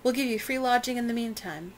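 A woman's voice: fairly high pitch, brisk, slight background noise, voice pushed up, natural voice. A woman reading the part of a blunt, determined tavern cook who speaks plainly. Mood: businesslike.

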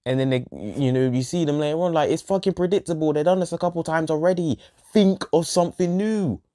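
A man's voice: on the high side, fairly quick, warm tone. A man ranting in a show review, exasperated and profane, repeating himself and trailing off in sighs. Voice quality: exasperated, sweary, repetitive.

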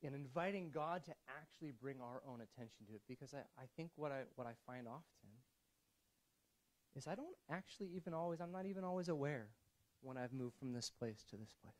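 A male pastor delivering a sermon in a church, with a voice of ordinary middle pitch. He talks in a loose, conversational way, restarting his sentences often. He drops to quiet asides and then rises to emphatic points. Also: expressive, a little fast, low-quality recording.

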